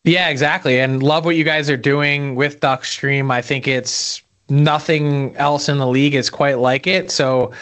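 A man answers interview questions in a friendly, polished way. His voice is smooth and clear and sits slightly high. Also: steady tone, measured pace, few pauses, fairly bright tone. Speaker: hockey insider guest.

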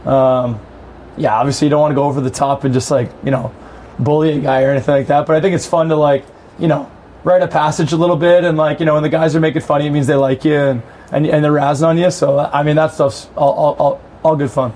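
A man's voice: on the high side, quick pace, slight background noise. Laid-back male hockey player guest. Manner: relaxed, laid-back, many fillers. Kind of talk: casual chat.

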